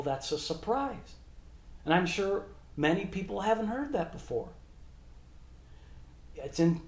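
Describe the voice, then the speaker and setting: Slow-speaking man preaching in an echoey room. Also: fairly high pitch, darkish tone. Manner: reads scripture aloud in measured tones. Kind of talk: sermon.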